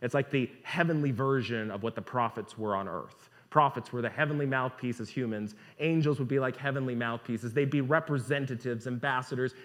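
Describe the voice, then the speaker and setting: A man's voice: mid-range voice, brisk, hardly any pauses, fairly bright tone. A man preaching a sermon, asking rhetorical questions and reading scripture aloud.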